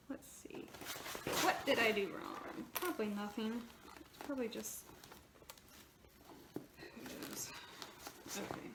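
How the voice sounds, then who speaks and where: A woman sewing vlogger chatting casually while she sews in her home sewing room, rambling and poking fun at herself. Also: a little high. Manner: rambling, chatty, self-deprecating. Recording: echoey room with background noise.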